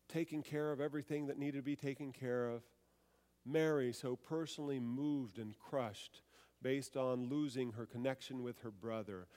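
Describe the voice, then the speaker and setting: A man's voice: medium pitch, darkish tone, in a large hall. A man preaching a sermon, reading scripture aloud, then explaining it and putting rhetorical questions to his listeners.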